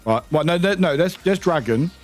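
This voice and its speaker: Tired British man streaming, lively pitch. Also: moderate pace, faint music behind. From United Kingdom. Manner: excitable, rambling, swears and laughs often. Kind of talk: casual livestream chat.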